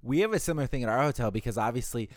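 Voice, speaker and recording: A man's voice: medium pitch, expressive, very fast, no room sound, studio quality. A young man chatting casually, telling a work story and acting out both sides of the phone calls. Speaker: hotel front desk worker.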